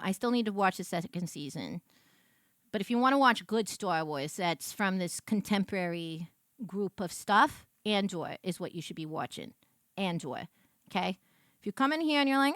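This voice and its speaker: A woman's voice: on the high side, pushed and bright, no room sound, studio quality. A young woman VTuber streamer chatting casually, ranting animatedly and swearing. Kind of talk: casual live-stream chat.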